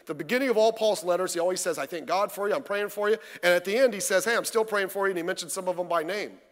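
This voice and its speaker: Speaking fast in a high, slightly bright voice, a male pastor gives a midweek sermon. The church hall is reverberant, and his delivery is homey and conversational, with plenty of rhetorical questions.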